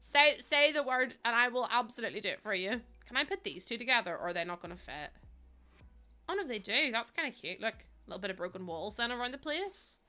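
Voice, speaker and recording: A woman's voice: on the high side, very animated, brisk, pushed and bright, faint music behind. A young woman, streaming a game and chatting casually with her viewers, teasing them and laughing often. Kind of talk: casual live-stream chat.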